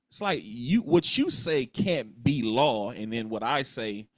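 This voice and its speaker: A man's voice: medium pitch, lively intonation, moderate pace, hardly any pauses, dry recording, clean studio sound. A man on a podcast driving home his point emphatically, repeating phrases and mockingly quoting others. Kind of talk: podcast talk, preachy commentary.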